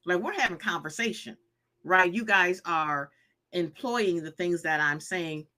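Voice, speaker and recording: A woman's voice: on the low side, unhurried, bright, forceful tone. A woman in her fifties hosting a live stream, emphatic and preachy, repeating her points and reading viewer comments aloud. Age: 50s. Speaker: live show host giving healing advice.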